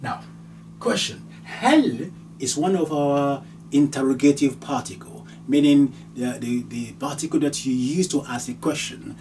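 Male teacher, slow careful delivery, lively pitch, distant mic, faint hum. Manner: repeats words slowly and carefully, switching between languages. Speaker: Arabic teacher. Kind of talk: slow, patient language lesson.

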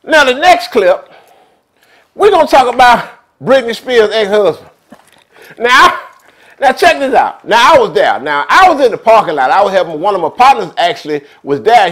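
High-voiced animated man. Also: low-quality recording. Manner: animated, chatty, streetwise. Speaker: vlog host. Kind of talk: casual storytelling commentary.

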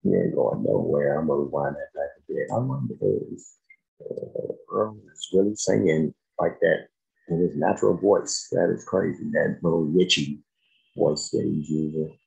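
A man's voice: extremely low pitch, moderate pace, creaky, darkish tone, dull audio. A man giving laid-back, slangy reaction commentary on a song. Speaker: music reaction host.

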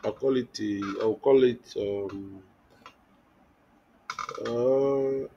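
A man's voice: medium pitch, a little hiss or hum. Guy teaching web code on a call, lots of um and restarts, muffled lo-fi audio. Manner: halting, thinks aloud with many restarts and fillers. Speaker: web development instructor. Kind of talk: live online coding class.

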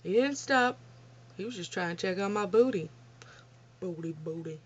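A woman's voice: medium pitch, fairly quick. A young woman telling childhood stories in a casual vlog Q&A, blunt and profane, often laughing at herself. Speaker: vlogger. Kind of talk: casual storytelling Q&A. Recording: dull lo-fi home recording.

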